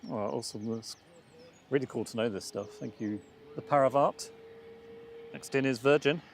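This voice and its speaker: A man co-hosting a live stream in casual commentary, relaxed and making jokey remarks. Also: mid-range voice, normal speed, creaky, a little hiss or hum.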